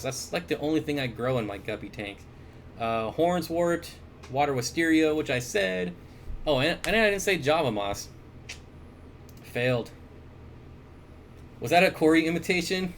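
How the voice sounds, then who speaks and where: A man hosting a casual livestream, reading viewer comments aloud and answering aquarium questions in a relaxed, chuckling way with lots of fillers. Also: mid-range voice, a little slow, a little hiss or hum. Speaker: aquarium store owner and livestream host. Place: indoors, at his fish room or store. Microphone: desk mic.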